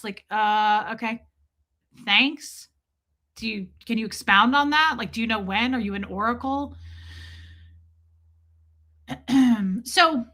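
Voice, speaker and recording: This livestreamer has a fairly high, sharp-toned voice. She's candid and profane, going through comments and speaking right to her audience in a relaxed way.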